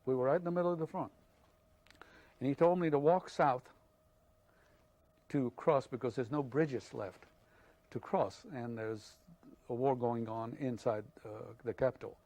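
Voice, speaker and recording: An older man tells his story in a halting, unhurried way, pausing often on fillers. He speaks at an ordinary middle pitch, as an interviewee recalling events from his own life. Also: mellow. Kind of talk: oral history testimony.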